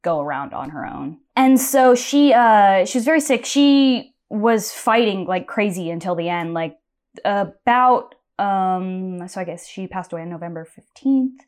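A woman's voice: medium pitch, animated, measured pace, a little mellow. A young woman telling a personal story as a podcast guest, chatty and full of fillers. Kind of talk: casual storytelling.

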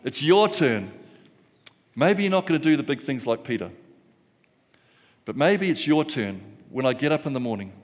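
A male preacher delivering a rousing sermon, leading his congregation in repeated call-and-response lines. His voice sits at an ordinary middle pitch and rings out with a long reverb that fills the church hall. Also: expressive, moderate pace, long pauses.

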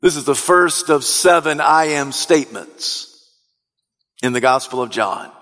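A man's voice: fairly high pitch, unhurried. Emphatic preaching man, reverberant sanctuary. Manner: emphatic, rising to shouts on key phrases. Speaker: pastor. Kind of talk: sermon. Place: church sanctuary. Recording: long hall reverb.

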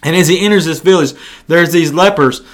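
A man preaching a sermon, retelling scripture in an animated storytelling way with frequent restarts. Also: on the high side, brisk.

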